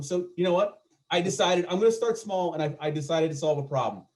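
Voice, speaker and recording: A man with a slightly raised pitch works through a stand-up set over a video call. His delivery is loose and chatty, full of self-deprecating riffs and asides to the audience. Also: fast talker, a little mellow. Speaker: stand-up comedian.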